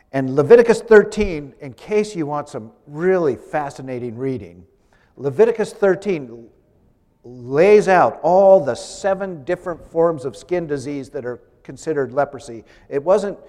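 Man, sermon, slightly high voice, conversational asides, long church reverb. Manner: conversational, warm-humored asides to the congregation. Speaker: preacher. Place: church sanctuary.

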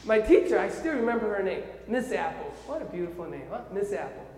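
A man from Korea with a Korean accent, preaching a sermon as an animated storyteller who keeps checking in with his listeners. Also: sits high, fairly quick. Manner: animated storyteller, often checks in with "okay?" and "right?". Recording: echoey hall with long reverb.

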